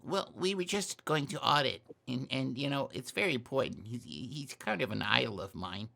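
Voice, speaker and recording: A man putting on a gravelly, eager college nerd. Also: mid-range voice, lively intonation, moderate pace, bright, forceful tone. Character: nerdy eager young male college student. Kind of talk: tabletop role-play voice.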